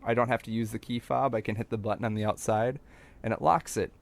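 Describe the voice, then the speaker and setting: A young man with a mid-pitched voice chats in an easygoing, unscripted way. He tells his story at a relaxed clip, wandering between asides and starting sentences over. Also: fast talker, creaky. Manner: relaxed, rambling, with filler words and restarts. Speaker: podcast co-host telling a story. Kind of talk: casual storytelling chat.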